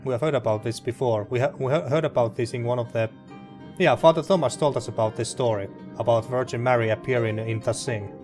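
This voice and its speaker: A man's voice: medium pitch, fast, a little mellow, faint music behind. A man hosting a story game playthrough, reacting earnestly and openly emotional. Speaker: let's play host. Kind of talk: gameplay commentary.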